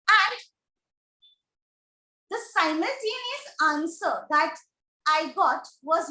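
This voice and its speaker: A woman with an Indian English accent teaching grammar in an online class, speaking slowly and deliberately and repeating questions to her students. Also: very high-pitched, lively intonation, pushed and bright. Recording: echoey room.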